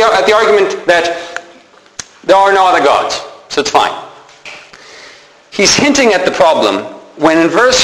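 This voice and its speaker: A man's voice: fairly high pitch, echoey room, a little hiss or hum, low-quality recording. A man preaching a sermon, telling stories with animation and acting out the characters. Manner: animated storytelling, acts out characters.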